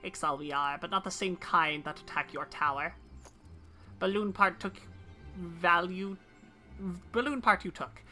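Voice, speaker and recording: A woman voicing a gruff male bird-man crafter who speaks in inverted, broken word order, reading game dialogue aloud in character. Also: lowish voice, unhurried, bright, forceful tone, faint music behind. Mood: solemn.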